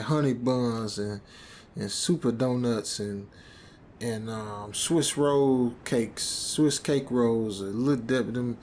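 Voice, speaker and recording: A man's voice: mid-range voice, a little mellow, a little hiss or hum. A man narrating a horror story as a rambling, stammering speaker who keeps ending phrases with "man".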